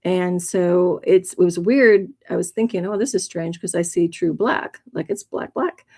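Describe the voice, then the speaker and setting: A woman hosting a livestream, telling a personal story in a casual, rambling way with many fillers and restarts, her voice jumping up when she gets excited. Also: a little slow. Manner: lively, jumps in pitch when excited. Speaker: livestream host.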